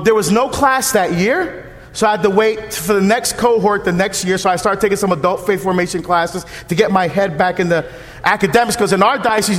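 A man in his fifties, a deacon, giving a humorous, story-driven parish mission talk in a church. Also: high voice. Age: 50s. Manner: lively storytelling, humorous, acts out dialogue. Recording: long church reverb.

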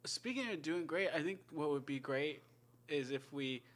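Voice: mid-range voice, moderate pace, a bit bright. A podcast co-host in casual comedic chat, laid-back and jokey with a slacker drawl of "like" and "dude.".

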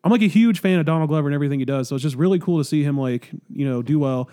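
A man on a casual podcast talks film with quick enthusiasm and wry asides. His voice is warm and smooth, and he moves at a brisk pace. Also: fairly high pitch. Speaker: podcast co-host. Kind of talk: casual chat.

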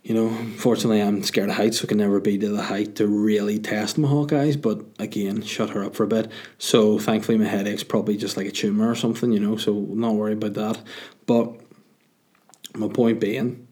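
A man's voice: fairly low pitch, steady tone, a little fast, a little mellow. A young man, hosting a podcast and telling a comic story in a sardonic, self-mocking way, swearing freely. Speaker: podcast host.

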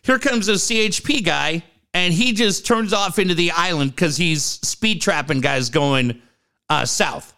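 A man's voice: a little high, unhurried, bright, forceful tone, clean tone. A middle-aged man telling a profane, ranting story in casual chat, acting out other people's lines.

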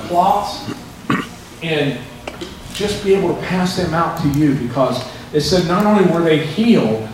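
A male pastor preaching a sermon, telling folksy stories between scripture readings, heard from a distance in a church with the congregation answering. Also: high-pitched. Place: church sanctuary. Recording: echoey church from far off. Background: congregation responses.

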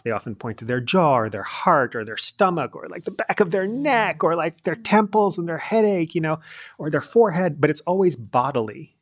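Male interview guest at a middle pitch, talking casually and with animation. He tells stories in a loose, chatty way, acts out the lines he quotes, and uses plenty of filler words. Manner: lively storyteller acting out quoted lines; frequent fillers like "like" and "you know". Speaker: podcast guest, leadership coach. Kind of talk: conversational interview.

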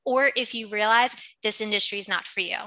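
A woman's voice: medium pitch, brisk, pushed and bright, rough recording. A woman from Brooklyn with a slight New York accent, explaining her ideas in a reflective, articulate way as a podcast guest. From Brooklyn, USA. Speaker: podcast guest, agency founder. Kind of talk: interview conversation.

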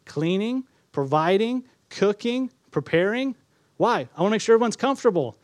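A man's voice: high-pitched, animated, normal speed, no room sound. A male pastor preaching a sermon in a conversational way, acting out quotes with a chuckle now and then.

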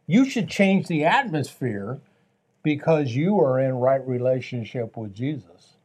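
Mellow-voiced earnest pastor man. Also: medium pitch, expressive, measured pace, breathy edge. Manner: earnest preaching tone, repeats phrases. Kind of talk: faith talk show conversation.

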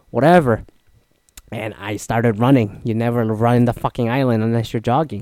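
A man's voice: mid-range voice, fairly quick, warm tone, clean tone, no room sound. A man casually telling a travel mishap story, swearing often and acting out what other people said. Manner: profane, exasperated, acts out other people's lines.

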